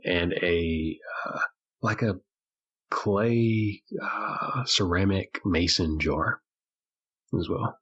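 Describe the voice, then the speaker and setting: A man's voice: deep voice, big pitch swings, extremely slow, fairly bright tone, breathy edge, muffled recording. A man narrating a tabletop game as game master, loose and searching with fillers.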